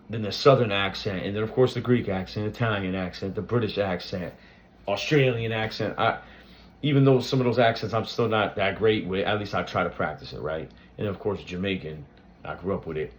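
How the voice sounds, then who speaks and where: A man's voice: sits low, a little hiss or hum. A man hosting his own reaction channel, talking loosely with lots of fillers and restarts. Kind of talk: casual tribute talk to camera.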